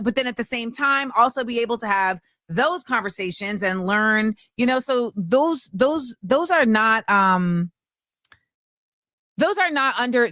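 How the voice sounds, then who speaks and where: Her voice sits on the high side, recorded at studio quality with no echo. As host of a casual talk show, she tells stories animatedly, acting out the quotes.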